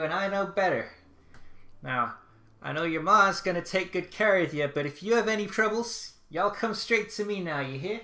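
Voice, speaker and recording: A man puts on a loud, high Southern drawl for a tough aunt who takes no nonsense. She talks bossy and warm to the kids in a tabletop game, her voice bright and cutting, and the room rings behind her. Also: reverberant, heavily acted. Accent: Southern American.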